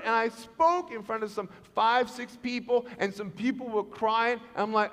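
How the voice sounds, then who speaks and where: Animated man speaking in an echoey hall. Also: extremely high pitch, unhurried, a little hiss or hum. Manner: animated, acts out dialogue in voices. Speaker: motivational speaker. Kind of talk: storytelling speech to students. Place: large school hall with an audience.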